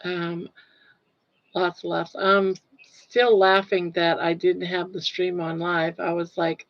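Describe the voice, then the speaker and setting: An older woman from Portland, Maine, with a Down East accent, chats casually on a livestream from her home couch, laughing easily as she answers viewers. Her voice sits fairly low, with little pitch movement, and she takes her time. It's recorded on a phone, so the sound is lo-fi.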